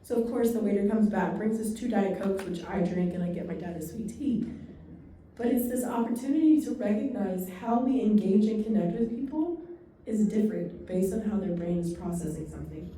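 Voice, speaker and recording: A woman giving a dementia care training talk to a live audience, telling stories and quick asides in a fast, animated way. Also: mid-range voice, a little hiss or hum. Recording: echoey room from far off.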